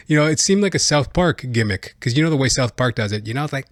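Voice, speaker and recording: A man hosts a podcast, rambling through comedic political commentary with plenty of fillers. His pitch moves in a lively way, and the recording is dry and close, without room sound. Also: no room sound. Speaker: podcast host.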